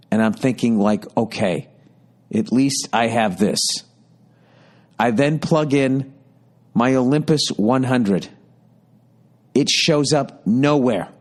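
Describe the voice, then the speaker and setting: A man in his fifties hosting a podcast, telling a rambling, exasperated story full of heavy swearing. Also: medium pitch. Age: 50s. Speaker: podcast host. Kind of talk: profane comic storytelling monologue.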